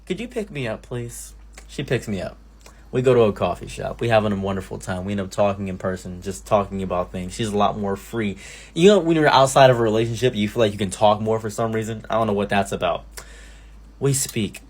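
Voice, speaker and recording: A young man telling a personal story as a storytime commentary, animated and mock-grandiose, jumping up into high exclamations. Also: fast.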